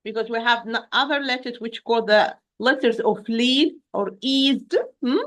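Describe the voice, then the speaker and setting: Patient woman teaching recitation, slightly high voice, shows sounds slowly and repeats them. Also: a bit bright. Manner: patient, repeats and checks with "okay?". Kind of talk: online lesson.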